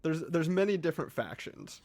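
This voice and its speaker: A man, a podcast co-host, excitedly explaining his favorite hobby in a casual, rambling chat with frequent restarts. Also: fairly high pitch, moderate pace.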